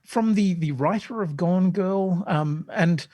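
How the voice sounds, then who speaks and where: A man co-hosting a podcast in casual chat, teasing and giggly with quick asides. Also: sits high, warm tone, no room sound. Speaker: podcast co-host.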